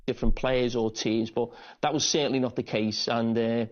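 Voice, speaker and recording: A man's voice: mid-range voice, steady tone, moderate pace. A man with a Liverpool accent, a football pundit, giving a careful, hedging statement on air. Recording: dull clip audio.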